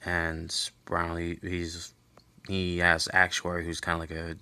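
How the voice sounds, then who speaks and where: A man's voice: deep voice, monotone, a little slow, pushed and bright, clean tone, no echo. A man giving a loose, rambling recap of a comic book in casual chat, full of fillers and restarts, swearing offhandedly.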